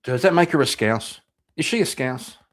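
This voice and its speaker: A man's voice: medium pitch, lively intonation, normal speed. A man hosting a live stream, reacting to clips in loose, profane commentary, laughing and repeating himself. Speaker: livestream host reacting to clips.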